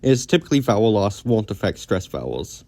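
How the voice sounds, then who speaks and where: A man narrating a scripted educational video on linguistics in a measured, explanatory way. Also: fairly low pitch, big pitch swings, gravelly, mellow, dry recording.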